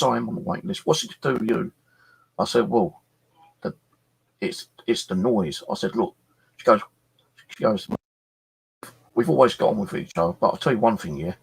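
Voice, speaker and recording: A middle-aged man hosting his channel, telling an animated story from his flat with some swearing and acted-out exchanges. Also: lowish voice, gravelly, husky. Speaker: channel host. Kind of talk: casual storytelling chat.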